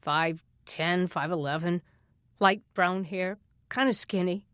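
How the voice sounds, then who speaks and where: A woman voicing a bedridden male hospital patient who yells for help in a panic. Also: on the low side, slow pace, smooth, no echo, studio quality. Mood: weary. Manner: panicked shouting.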